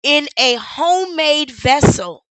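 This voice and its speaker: A woman's voice: high voice, lively intonation, takes it slowly, fairly bright tone, dry recording, rough recording. A woman streamer giving sarcastic live commentary on a news clip, firing off blunt rhetorical questions and the odd swear word.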